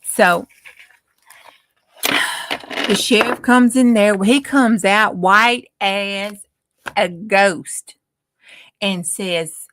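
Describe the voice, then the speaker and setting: Woman, folksy storyteller, unhurried, dramatic. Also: mid-range voice, fairly bright tone, dry recording. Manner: dramatic, drawling, chatty. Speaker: craft vlogger.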